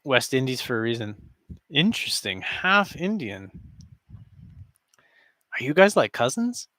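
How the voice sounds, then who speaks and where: A man streaming from a basement with a cardboard backdrop chats loosely with viewers, joking, rambling and chuckling a lot. His mid-range voice is sing-song and sharp, at a measured pace, in studio-quality audio with no room sound.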